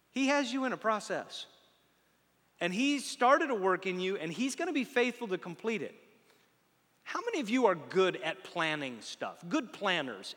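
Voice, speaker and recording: Animated man preaching a sermon. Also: sits high, in a large hall. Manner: conversational, animated, rhetorical questions, jokey asides. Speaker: pastor.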